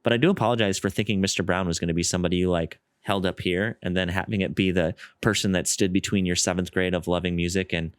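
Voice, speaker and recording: A male podcast host talks casually with his guest, earnest and self-deprecating, his thoughts running on. His voice sits a little low. The recording is dry and close. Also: steady tone, fast, hardly any pauses, smooth, no room sound. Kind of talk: casual interview chat.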